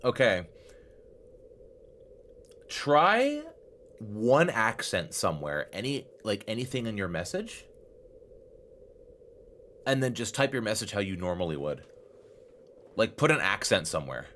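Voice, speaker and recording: A young man streaming a game live, chatting with his viewers and swinging from low muttering to excited exclamations. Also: normal speed, long pauses, a little hiss or hum.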